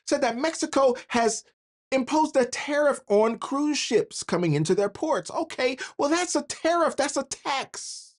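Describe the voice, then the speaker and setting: Woman host, lively swooping delivery, slangy commentary with frequent laughs. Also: high voice, normal speed. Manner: animated, slangy, laughs between phrases. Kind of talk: political commentary monologue.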